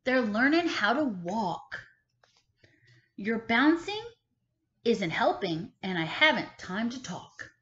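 A woman's voice: a little high, big pitch swings, slow pace, pauses often. A teacher voicing a grumbling mother cow. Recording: echoey room, slightly dull sound.

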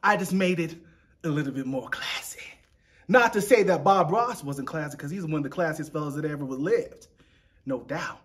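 A painting show host leads a demonstration, walking viewers through each step in a playful, chatty, joking way. His voice is on the high side, and his pace is moderate.

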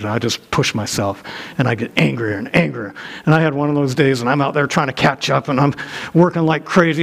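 In a sermon from a church sanctuary, a middle-aged male pastor with a mid-range voice shares a personal story, poking fun at himself in a conversational tone and often restarting his sentences.

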